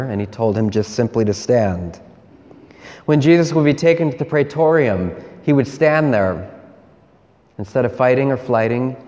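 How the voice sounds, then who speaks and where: A man, a priest, giving a sermon in a slow, measured way with repeated refrains. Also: medium pitch, a little mellow, in a large hall.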